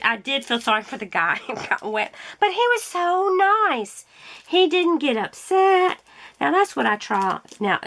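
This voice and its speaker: A woman's voice: medium pitch, vocal fry, fairly bright tone, a little hiss or hum. A middle-aged woman chatting casually to viewers as she crafts, telling stories and laughing often. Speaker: craft vlogger. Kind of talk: casual chat while crafting.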